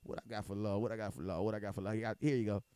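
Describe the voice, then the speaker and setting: This live sports stream co-host, an adult man with a young daughter, has a fairly low, level voice and talks fairly quickly. Background noise comes through his home mic as he chats casually in loose slang, laughing a lot.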